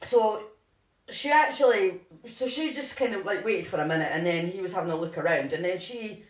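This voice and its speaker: A voice at a middling pitch, telling a true-crime story in a loose, chatty way. The telling rambles, with plenty of "like" and false starts. The recording has a noticeable echo from the room. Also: fairly quick. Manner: rambling, lots of "like" and restarts. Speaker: podcast co-host. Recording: roomy echo.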